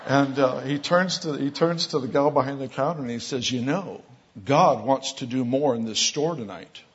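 A man preaching, telling miracle stories in an animated storytelling way that grows loud on quoted lines. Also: mid-range voice, moderate pace, slight background noise. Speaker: pastor. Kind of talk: sermon storytelling. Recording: dull lo-fi sound.

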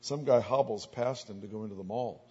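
A man preaching as a pastor, telling anecdotal stories in a sermon and growing louder and more excited as they build. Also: fairly low pitch, fairly quick, breathy edge. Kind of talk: sermon storytelling. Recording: dull lo-fi recording.

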